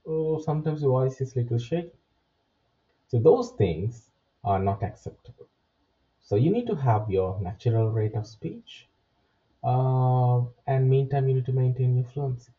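A man teaching test preparation, explaining step by step and often checking in with a quick "right?". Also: mid-range voice, expressive. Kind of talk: spoken lesson. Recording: distant, muffled, lo-fi sound.

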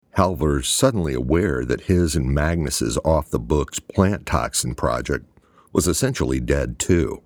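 A man reading an audiobook in a measured, even storytelling manner, close to the mic. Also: rumbling low, no room sound. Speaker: audiobook narrator. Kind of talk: scripted narration.

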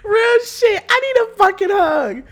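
A woman's voice: very high voice, sing-song, measured pace. A young woman hosting a podcast, ranting with lots of cursing and laughter and mocking the people she talks about. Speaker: podcast host. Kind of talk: casual podcast rant.

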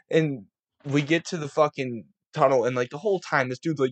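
Animated profane young podcast host. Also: male voice, medium pitch, normal speed. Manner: loud, profane storytelling. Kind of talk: casual chat.

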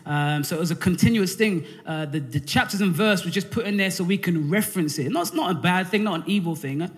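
A man's voice: high voice, fairly quick. A man preaching a sermon in a church, talking conversationally and drawing the congregation into call and response. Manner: conversational, with frequent fillers and restarts. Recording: hall reverb.

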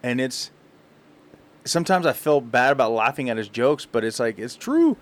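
A man co-hosting a casual podcast, telling stories in quick, animated bursts and laughing often. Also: medium pitch. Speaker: podcast co-host. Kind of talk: casual chat.

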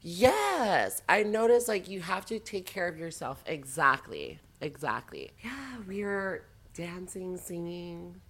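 A woman chatting casually as a podcast guest, telling animated, dramatic stories with sassy asides. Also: lowish voice, slow pace, hardly any pauses. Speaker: guest storyteller. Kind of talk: casual chat.

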